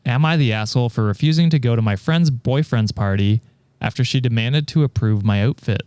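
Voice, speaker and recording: A man hosting a podcast who reads a story aloud at a steady pace and laughs easily in the chat between passages. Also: mid-range voice, a little fast, no room sound. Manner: steady reader, laughs often between remarks. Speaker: podcast host reading stories. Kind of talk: reading aloud and casual chat.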